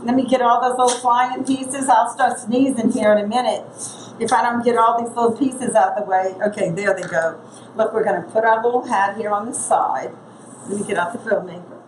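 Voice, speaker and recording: Brisk and slightly high-pitched, this gravelly-voiced woman chats through a craft tutorial while working on it, musing aloud as she goes. It's a casual demonstration, captured in a room with echo and background noise.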